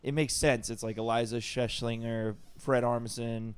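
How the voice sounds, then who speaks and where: A man's voice: mid-range voice, flat delivery, moderate pace, clean tone. Give me a man trading crude jokes in casual podcast banter, with a mid-range voice. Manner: crude, joking, often laughing. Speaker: podcast co-host.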